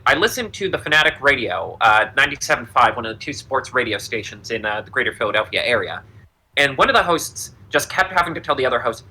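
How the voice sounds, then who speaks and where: Animated young man ranting casually. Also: mid-range voice, quick pace, slightly rough, poor audio. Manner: animated, rambling, profane. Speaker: podcast co-host. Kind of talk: casual chat.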